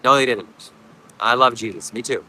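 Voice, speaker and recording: A man from Canada streaming outdoors at a beach, answering his chat with deadpan jokes. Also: mid-range voice, moderate pace, rough recording. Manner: deadpan, joking replies to chat. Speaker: livestream host reading chat. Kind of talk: casual livestream chat.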